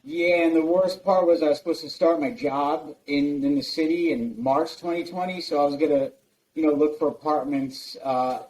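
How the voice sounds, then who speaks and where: A man's voice: fairly high pitch, steady tone, normal speed, a little mellow, slight background noise, low-quality recording. A man in his forties from New Jersey, a guest telling loose stories full of fillers and swearing in a casual interview. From United States, New Jersey. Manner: loose, profane storytelling with many fillers.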